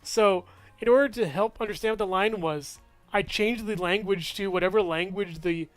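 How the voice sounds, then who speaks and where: A man chats through his movie picks in a loose, rambling way, with plenty of fillers and self-corrections. His voice sits high for a man and sounds smooth and clean. The sound is dry and close, with faint music underneath. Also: moderate pace, no echo. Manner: rambling, full of fillers and restarts, chuckles often. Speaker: movie reviewer. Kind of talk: casual movie review vlog.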